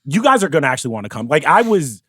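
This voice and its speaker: A man co-hosting a podcast, eager and excitable in chat, reading an episode recap. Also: fairly high pitch, racing, husky, no echo, studio quality. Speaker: podcast co-host.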